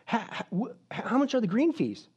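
A man's voice: very high voice, huge pitch swings, normal speed, darkish tone, slightly rough, lo-fi sound, voice pushed up, heavily acted. A man preaching who puts on a stammering, grumpy old man in a joke told from the pulpit. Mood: stammering worried. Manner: stammering, then shrieking in anger. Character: grumpy old man in heaven, cheap and fussy.

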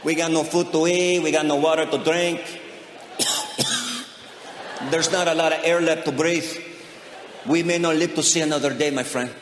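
A comedian acting out a trapped miner complaining in a casual drawl. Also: male voice, on the high side, huge pitch swings, unhurried, long pauses. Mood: deadpan. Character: stranded male miner, calmly grumbling. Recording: echoey hall, audience noise.

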